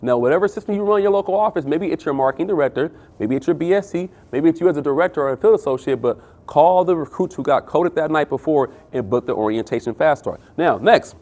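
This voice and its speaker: A fairly high-voiced man leads a motivational sales training session. He talks with lively energy and keeps checking in with his listeners as he walks them through the steps. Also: fast talker, few pauses. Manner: energetic, drops in "right?", "man" and "guys" to address the audience.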